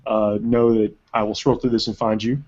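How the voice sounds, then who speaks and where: A man hosting a casual live webcast chat and reading viewer questions, animated and rambling with restarts. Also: lowish voice, moderate pace, highs cut off. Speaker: webcast host.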